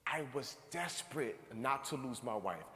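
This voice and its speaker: A man in his thirties giving a motivational talk to a live audience, telling a personal story with animated, acted-out reactions. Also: mid-range voice, normal speed. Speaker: speaker. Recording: echoey hall, long reverb.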